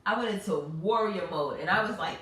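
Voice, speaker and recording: A woman in her thirties, hosting a casual chat and telling stories in an animated, expressive way. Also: medium pitch, fairly quick, heavy background noise. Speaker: host. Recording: echoey room, mic far off.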